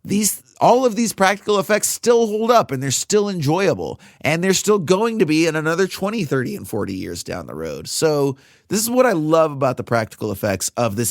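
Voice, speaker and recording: A man in his thirties co-hosting a casual film podcast, animated and acting out lines from the movie. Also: medium pitch, creaky, dry recording, studio quality. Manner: animated, acts out movie lines in funny voices. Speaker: podcast co-host.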